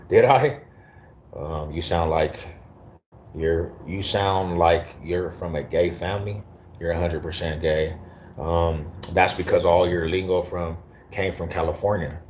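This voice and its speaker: A man's voice: low voice, steady tone, measured pace, darkish tone, slight background noise. A man from Denver with an East Denver accent, chatting casually on a live stream, slangy and profane. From Denver, Colorado. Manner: slangy, profane, laid-back banter. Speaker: livestreamer reading chat.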